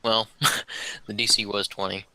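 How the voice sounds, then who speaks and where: A man's voice: lowish voice, little pitch movement, a little slow, sharp tone, clear, resonant tone, no echo, low-quality recording. A man narrating as game master in a casual, hesitant way.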